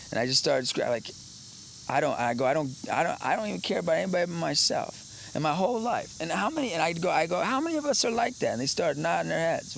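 A man's voice: mid-range voice, vocal fry, slight background noise. A man who works as a street minister tells his own story, bluntly and ramblingly, repeating himself as he goes. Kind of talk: personal testimony interview.

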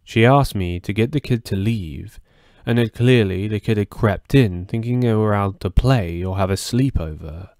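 Brief: male horror narrator, low gravelly voice, dry close sound. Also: moderate pace, darkish tone, no echo. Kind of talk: first-person horror story narration.

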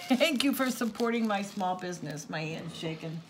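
An older woman hosting a crafts channel opens gifts on camera in a casual unboxing vlog, her medium-pitched voice expressive and moderately paced over background noise. She gushes, exclaims, and is easily moved.

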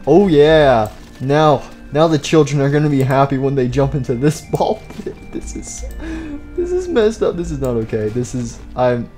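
A young man talks through a sandbox game as the channel's host, rambling and joking as he goes. His voice is mellow and darkish, and he often slips into mock-solemn speeches full of fake grief. Soft music plays underneath. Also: medium pitch, normal speed, few pauses. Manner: jokey, rambling, mock-mournful. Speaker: gaming YouTuber. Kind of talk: gameplay commentary.

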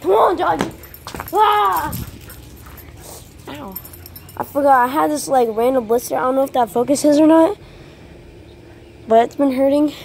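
A woman's voice: sits high, normal speed, long pauses, dark tone, a little hiss or hum. A woman vlogging on a handheld phone outdoors in a backyard, chatty and rambling as she talks to her dog. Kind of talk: casual vlog talk.

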